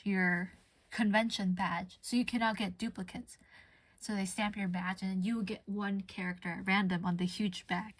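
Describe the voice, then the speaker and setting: Woman streamer, casual crafting chat, giggly storyteller, mid pitch, dry close sound. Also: fairly bright tone, no room sound. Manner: chatty and giggly, laughing often mid-story.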